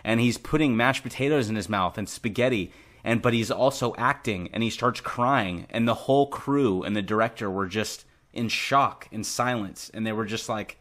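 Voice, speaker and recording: A man's voice: on the low side, normal speed, fairly bright tone. A young man co-hosting a casual podcast, talking earnestly about a favorite film and laughing easily. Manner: earnest, laughs easily, uses many fillers. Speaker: podcast co-host. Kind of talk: casual chat.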